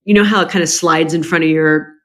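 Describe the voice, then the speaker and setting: Brisk and low-voiced, a female podcast guest relates a personal story with frankness and feeling. She restarts a lot and is animated throughout, lifting her voice whenever she quotes members of her family.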